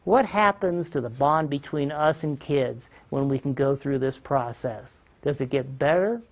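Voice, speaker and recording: A man's voice: medium pitch, unhurried. Man teaching parents in a dull recording. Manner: asks the audience questions, acts out quotes, chuckles. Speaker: parenting workshop presenter. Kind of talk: lively classroom-style teaching talk.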